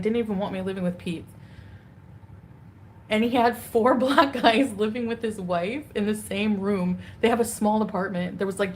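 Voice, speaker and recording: A woman livestreamer rants at her viewers in a crude, angry torrent of insults, chopping her own curse words off halfway. Her voice sits at an everyday middle pitch for a woman, with a faint hiss of room noise behind it. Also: rough recording. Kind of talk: ranting livestream monologue.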